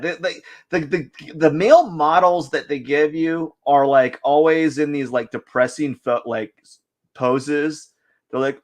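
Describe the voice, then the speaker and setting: A man's voice: on the high side, unhurried. A man chatting casually and joking as he draws figure studies on a live stream, rambling and breaking into silly voices. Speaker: artist streaming a drawing session.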